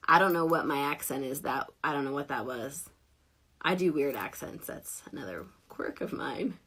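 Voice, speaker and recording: A woman in her thirties hosting a casual livestream, chatty and giggly, self-deprecating, sounding tired and low on energy. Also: lively intonation, normal speed, pushed and bright, breathy edge. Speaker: network marketing livestream host.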